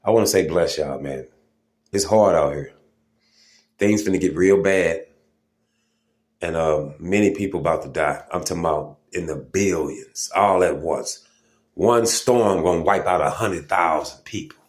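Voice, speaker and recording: Low-voiced man, informal and emphatic. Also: unhurried. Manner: informal and emphatic, with many fillers and "okay?" check-ins. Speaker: religious video host. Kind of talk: casual spoken monologue.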